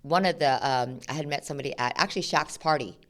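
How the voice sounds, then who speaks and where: A woman from Sacramento, a guest on a podcast, tells animated stories and acts out both sides of conversations, with plenty of "like" and "you know". Her voice sits low for a woman, and she talks casually. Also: fast talker. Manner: animated storyteller, acts out quoted exchanges, many fillers. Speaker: attorney guest. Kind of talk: casual interview chat.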